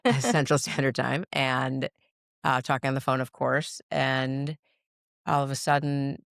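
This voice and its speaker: A woman's voice: extremely low pitch, fairly even intonation, a little slow, creaky, dry recording, studio quality. A middle-aged woman telling a family story in casual chat, rambling with restarts and frequent laughs. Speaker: guest, mother of the host. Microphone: podcast mic.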